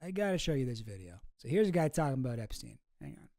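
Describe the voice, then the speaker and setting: A man's voice: mid-range voice, very animated, fast, creaky, dark tone, dry recording, clean studio sound. A man hosting a casual livestream, reacting to clips in a sarcastic, incredulous, rambling way. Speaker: streamer host.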